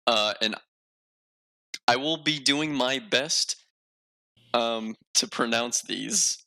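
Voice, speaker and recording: A man's voice: medium pitch, takes it slowly, pushed and bright. A man hosting a casual podcast chat, rambling and self-mocking with lots of filler words. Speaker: podcast host.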